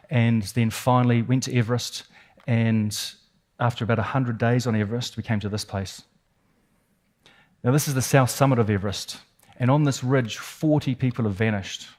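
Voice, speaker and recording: A man's voice: mid-range voice, steady tone, moderate pace, darkish tone. A man with a New Zealand accent giving a keynote talk, telling a dramatic personal story with vivid, suspenseful detail and emphatic repetition. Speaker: keynote speaker.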